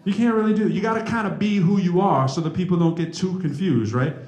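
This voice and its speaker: A man with a fairly high, animated voice talks to a college audience in a playful, joking way. He holds a handheld mic. The sound is roomy and echoing, as in a campus hall. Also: fast talker. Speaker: rapper and math professor giving a talk. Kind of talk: lively campus talk with humor. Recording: echoey room.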